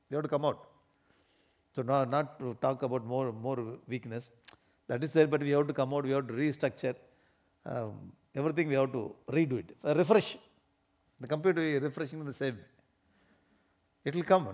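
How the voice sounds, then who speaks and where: A man giving an animated, emphatic spiritual discourse, often laughing as he talks. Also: medium pitch.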